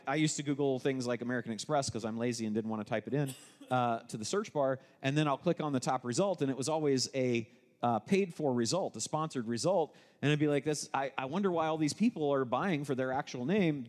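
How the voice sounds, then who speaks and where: A man of mid pitch presents at a live workshop, explaining step by step in a chatty way. He often restarts his sentences. His voice rings out with a long hall reverb. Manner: conversational, explanatory, with frequent restarts. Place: event room with an audience.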